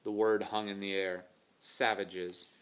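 A man narrating an adventure novel for an audiobook in a steady, even storytelling manner. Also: medium pitch, normal speed. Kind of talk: scripted narration.

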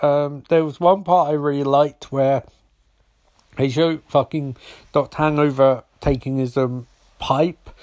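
A man's voice: a little high, darkish tone. A young man casually recapping a TV episode, swearing often and rambling through jokey asides.

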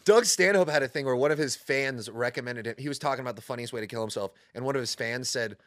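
A young man co-hosting a podcast, telling dark jokes in a flat deadpan way in a small studio. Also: mid-range voice, fast, no room sound. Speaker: podcast co-host. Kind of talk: casual chat.

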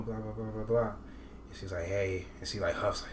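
A young man on a podcast rants through a story with lots of cursing. He sounds far from the mic in an echoey room. Clear background noise runs the whole time. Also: fairly low pitch, normal speed. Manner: animated, profane ranting storyteller. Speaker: podcast co-host.

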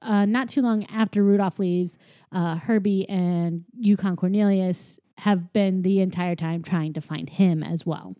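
A woman's voice: on the low side, steady tone, measured pace, mellow, no echo. A woman casually recapping a movie with a co-host, rambling and sarcastic with many fillers. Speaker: podcast co-host.

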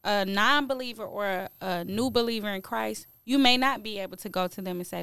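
A woman's voice: mid-range voice, fairly quick, few pauses, a bit bright, clean tone, no echo. A woman speaking as a guest in a casual faith discussion, earnest and frank, with light laughs mid-sentence. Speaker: podcast guest.

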